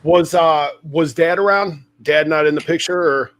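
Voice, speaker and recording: Man in his forties, podcast host, casual interview talk, frank and conversational, swears freely, slightly higher voice. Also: normal speed, a bit bright. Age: 40s.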